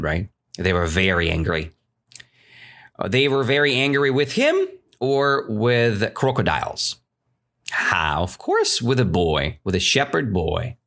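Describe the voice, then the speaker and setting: A man with a Russian accent tells a story to teach English, speaking unhurriedly and often asking "right?". His pitch swings high and low with lively expression. His steady pace leaves room for learners to follow. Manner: animated, keeps checking in with "right?".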